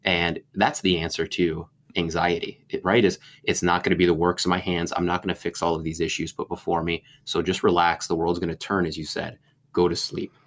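A man's voice: deep voice, level tone, fairly quick. A man, a pastor, discussing scripture in a reflective, meandering way with many fillers. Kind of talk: conversational Bible discussion.

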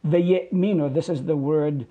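A man's voice: fairly high pitch, narrow, tinny audio. A middle-aged man, a pastor, teaching a Bible study in an earnest, preacherly way, repeating phrases for emphasis and drawing out Hebrew words. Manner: explains Hebrew words slowly, drawing them out.

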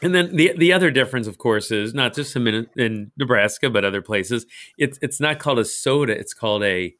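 Lively chatty man from St. Louis. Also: mid-range voice, fairly quick. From St. Louis, Missouri. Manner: chatty, laughs often, many restarts. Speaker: podcast co-host. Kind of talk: casual Bible podcast chat.

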